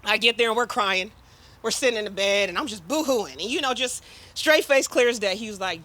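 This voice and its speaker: At her father's memorial, a daughter delivers an emotional eulogy, chatting casually and warmly with the gathered crowd. Her voice is a little high and sharp, very animated, and fairly quick.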